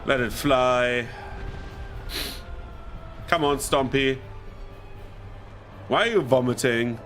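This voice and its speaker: A man's voice: mid-range voice, takes it slowly, a bit bright, soft background music. Casual German-speaking gamer man. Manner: chatty, swears, laughs often. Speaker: streamer. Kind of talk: casual gameplay commentary.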